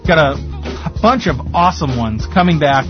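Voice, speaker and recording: A man's voice: a little high, expressive, moderate pace, over music. A man with a Boston accent hosting a radio show, chatty and rambling with plenty of fillers and laughs. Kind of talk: casual radio chat. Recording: dull lo-fi radio broadcast.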